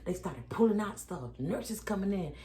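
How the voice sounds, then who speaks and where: In a casual, animated retelling, a woman describes her baby's birth to her viewers and acts out each back-and-forth. She has a medium-pitched voice and a moderate pace. The recording has an echoey room and some faint background noise.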